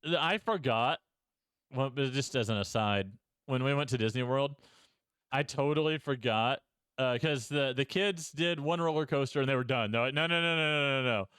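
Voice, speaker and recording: A man's voice: mid-range voice, moderate pace, fairly bright tone, clean tone, dry recording. A man co-hosting a podcast, chatting casually and poking fun at himself with frequent laughs. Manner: laughs often, self-mocking. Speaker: podcast co-host. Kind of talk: casual chat.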